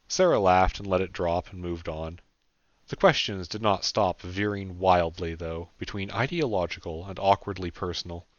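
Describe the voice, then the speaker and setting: Low-voiced man narrating an audiobook. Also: normal speed, dry recording. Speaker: author and narrator. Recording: dull dry lo-fi recording.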